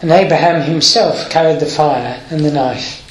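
A man's voice: on the high side, echoey room, rough recording. A man preaching a sermon, reading scripture aloud and explaining it with hesitant fillers, moved by the story. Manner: unhurried, emotional, with hesitant fillers.

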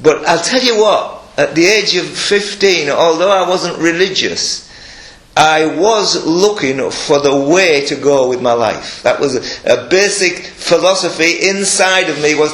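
A man's voice: a little high, measured pace. Earnest preacher man, echoey room. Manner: earnest, emphatic, with soft chuckles and restarts. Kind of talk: sermon.

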